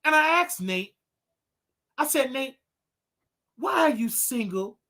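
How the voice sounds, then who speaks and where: Man, show host, casual rant, animated, preachy, bright tone. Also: very high voice, slow, vocal fry. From United States. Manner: animated, preachy, loud outbursts, laughs often.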